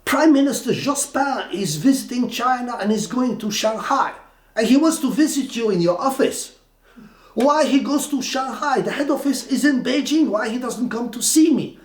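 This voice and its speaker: Shrill exasperated male boss, played by a man in an anecdote, roomy recording. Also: lively intonation, normal speed. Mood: indignant. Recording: roomy echo.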